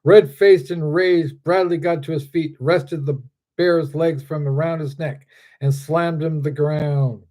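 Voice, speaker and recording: A man who is the author reads his own story aloud in a steady, deliberate voice. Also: a little high.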